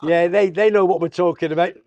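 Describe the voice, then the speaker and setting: A man's voice: high voice, fairly even intonation, fast, darkish tone, no echo. Bloke doing his sports vlog, jokey slangy banter, dry lo-fi sound. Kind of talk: casual sports roundup chat. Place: south of Tenerife.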